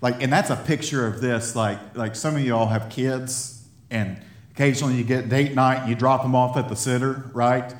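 A male pastor preaching a sermon in an animated way, laughing often and building up to excited emphasis. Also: mid-range voice, normal speed. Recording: roomy echo of a hall.

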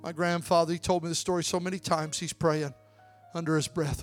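A young male preacher with a high voice delivers a sermon, telling a story in a warm conversational way and then rising into shouted, drawn-out appeals. Soft instrumental music plays faintly behind him. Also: little pitch movement.

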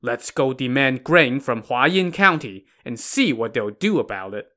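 Man reading a hot-headed blustering bandit chief in a storybook tale, lively and bright. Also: medium pitch, unhurried. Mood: brash. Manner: brash, blustering.

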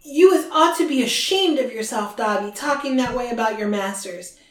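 A woman puts on a weepy, loyal female house elf who frets and scolds. The voice runs slightly high, and the recording carries a roomy echo. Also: lively intonation, moderate pace, lightly acted. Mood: fretful. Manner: fretful, scolding.

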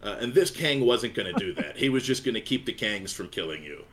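A man hosting a casual podcast chat, talking in an excited, gushing way. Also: on the low side, a little fast, noisy background. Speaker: podcast host.

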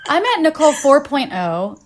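This podcast host is a woman in her late thirties who shares a story openly, with lots of laughter, in relaxed conversation. Her voice sits high and swings widely in pitch, moving at a moderate pace.

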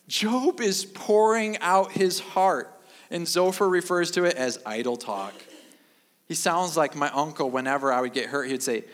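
A middle-aged man preaching a sermon as pastor, with a deadpan, self-mocking humor and emphatic repetition. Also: a little high, unhurried. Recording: long reverb of a large hall.

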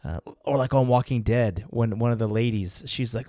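A man's voice: mid-range voice, moderate pace, mellow, dry recording, studio quality. A man co-hosting a podcast in casual chat, peppering his talk with "like". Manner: chatty, heavy use of "like". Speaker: podcast co-host.

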